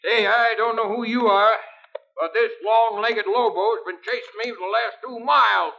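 A man's voice: high-pitched, steady tone, normal speed, creaky, sharp tone, heavily acted. An actor playing a jovial, bluffing wagon driver who laughs his way through, in a 1940s radio western. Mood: relieved. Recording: dull old radio recording.

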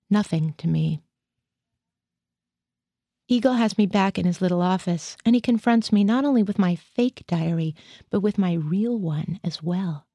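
A woman reading a short story aloud in a measured, understated way. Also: mid-range voice, dark tone, no echo, studio quality. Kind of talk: literary reading.

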